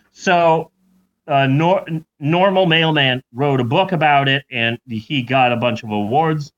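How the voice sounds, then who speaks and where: A man's voice: mid-range voice, unhurried, fairly bright tone. A man hosting a podcast, telling a story in a playful, jokey way. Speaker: podcast host. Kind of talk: comedic storytelling. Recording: lo-fi recording.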